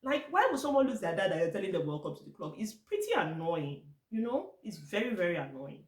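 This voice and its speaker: A woman's voice: lowish voice, sing-song, fairly quick, roomy sound. A Nigerian woman vlogging to camera in a casual, blunt and exasperated way, slipping into Pidgin now and then.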